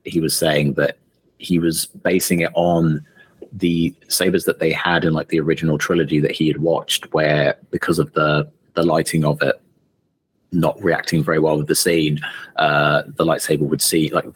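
Really deep husky guy, dry close sound, joking around on a podcast. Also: level tone, normal speed, dry recording. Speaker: podcast co-host. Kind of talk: casual chat.

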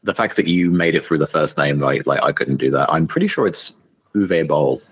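Deep husky man, podcast co-host. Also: expressive, brisk, fairly bright tone, dry recording. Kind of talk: casual chat.

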